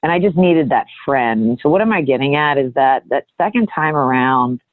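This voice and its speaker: A woman guest telling a personal story in an earnest, halting way, often restarting her sentences. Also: extremely low pitch, animated, no room sound. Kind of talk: candid reflective storytelling. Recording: thin phone-like audio.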